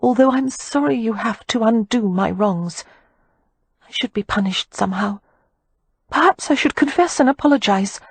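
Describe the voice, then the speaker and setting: A woman voicing an anxious, remorseful young girl who speaks in a guilty, hushed way for a storybook. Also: a little high, lively intonation, moderate pace, husky, no room sound, pitched above the performer's own voice. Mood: sheepish.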